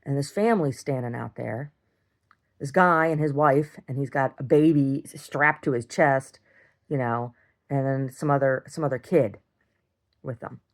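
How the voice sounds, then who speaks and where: Middle-aged woman, deep voice, casual video-diary storyteller, rambling and blunt. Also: a little slow. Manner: rambling, repeats words and restarts, swears when heated. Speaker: video diarist.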